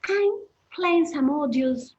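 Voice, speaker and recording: A woman's voice: sits high, animated, takes it slowly, a little mellow, lo-fi sound. A woman teaching English pronunciation in an online webinar, patiently explaining and encouraging students in the chat.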